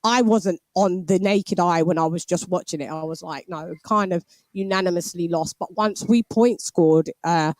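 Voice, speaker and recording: A woman's voice: fairly low pitch, normal speed, few pauses, darkish tone, no room sound. A British woman in her forties hosting a boxing live stream, chatting casually and laughing while reading out viewer messages. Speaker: boxing show host.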